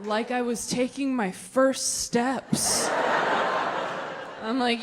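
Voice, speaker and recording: Woman comic, bit high, teasing crowd work, live hall with audible audience. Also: steady tone, extremely slow, pauses often, very noisy. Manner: teasing, incredulous, often laughing mid-line. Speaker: stand-up comedian. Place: large comedy venue with live audience.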